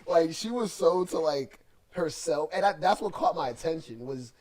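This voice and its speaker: A man's voice: a little high, expressive, normal speed, a little mellow. A young man co-hosting a casual podcast chat, rambling with lots of fillers and cursing freely. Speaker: podcast co-host.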